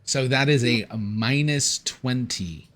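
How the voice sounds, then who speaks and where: A man's voice: medium pitch, slow, a bit bright. A man running a tabletop game as game master, asking his players questions.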